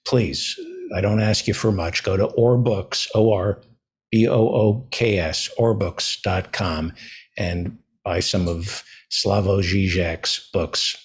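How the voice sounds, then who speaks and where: A man's voice: sits low, steady tone, slow, breathy edge. A man hosting a comedic talk show, chatty and playful, repeating and spelling out his plugs.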